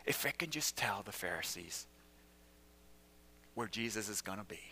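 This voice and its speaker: A man voicing a greedy traitor who plots in a hushed, conspiratorial tone. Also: on the low side, lively intonation, normal speed, slight background noise, pitched below the performer's own voice, exaggerated voice. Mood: scheming. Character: scheming greedy male traitor. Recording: reverberant church hall.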